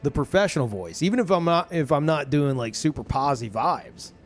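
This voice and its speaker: A young man streams a video game, ranting casually over soft background music. His voice is on the high side and fairly quick, and he's animated and profane, with lots of swearing and filler words.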